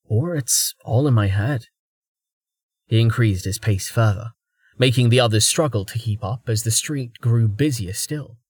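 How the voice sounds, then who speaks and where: A man narrating a fantasy novel in a measured, even storytelling manner. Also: mid-range voice, breathy edge, no echo, clean studio sound. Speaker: audiobook narrator.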